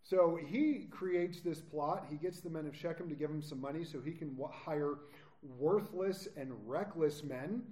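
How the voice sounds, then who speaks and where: A man leading a verse-by-verse Bible study, lively, with joking asides. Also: on the high side, moderate pace, hardly any pauses.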